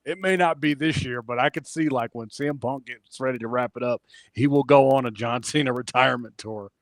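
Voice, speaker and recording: Male wrestling podcast co-host, animated recap style, dry sound. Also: medium pitch, fairly quick, no echo. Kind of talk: casual chat.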